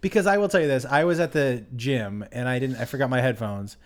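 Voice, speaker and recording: A man co-hosting a comedy podcast, chatting casually in an animated, swearing way. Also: mid-range voice. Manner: animated, swearing, quick to laugh.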